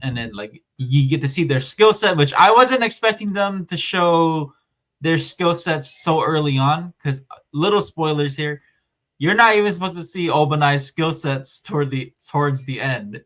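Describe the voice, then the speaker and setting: A man hosting a casual podcast, chatting and recapping scenes in an animated way, often laughing as he retells them. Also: a little high, moderate pace. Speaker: podcast host.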